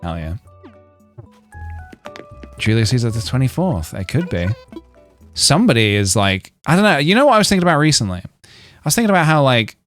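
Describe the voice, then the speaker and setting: A man chatting on a game stream, wandering from joke to joke as he reads out his chat. His pitch rises and falls a lot. Soft game music plays faintly underneath. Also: very animated, a little fast, pauses often, no echo. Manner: rambling, joking asides, reading chat. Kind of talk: casual gaming stream chat.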